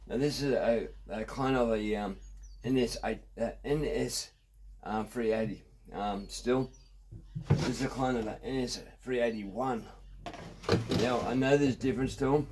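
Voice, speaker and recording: An Australian man talking casually in his shed about chainsaw repairs, rambling and halting, with plenty of ums and restarts. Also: mid-range voice, fairly even intonation, very noisy. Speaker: chainsaw vlogger. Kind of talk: casual workshop vlog. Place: home shed.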